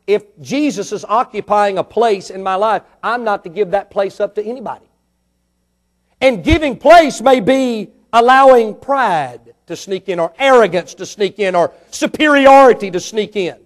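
A man with a high-pitched voice preaches a fervent sermon, firing rhetorical questions at the congregation and swinging between soft and loud delivery.

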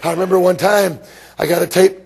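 A man from Georgia preaching a sermon, telling stories emphatically and rising to shouts. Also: sits high, fairly even intonation, brisk, vocal fry, slightly rough.

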